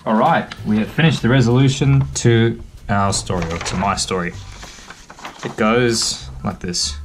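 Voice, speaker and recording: A man from Western Australia, an author giving a relaxed, chatty writing lesson for kids. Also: fairly low pitch, measured pace, a little hiss or hum. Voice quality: relaxed, chatty explaining with fillers. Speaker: author-illustrator teaching kids. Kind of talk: picture book writing lesson.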